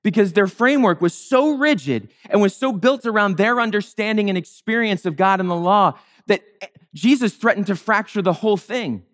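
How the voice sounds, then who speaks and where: A man delivers a sermon in a casual, wry tone, with a voice pitched high for a man. He slips into playful voices to act out the people in the story. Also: expressive, normal speed. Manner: conversational, wry, acts out the characters in playful higher voices. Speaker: pastor.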